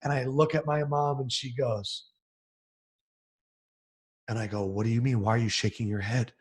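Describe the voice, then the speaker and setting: A young man, a sports TV host from the Philadelphia area, telling stories in a casual podcast interview with animated, excited bursts. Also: mid-range voice, normal speed.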